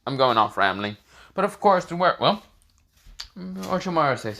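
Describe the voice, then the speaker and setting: Bright-voiced rambling young storyteller man. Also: medium pitch, animated, normal speed, vocal fry. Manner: rambling, with many fillers. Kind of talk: casual fan story narration.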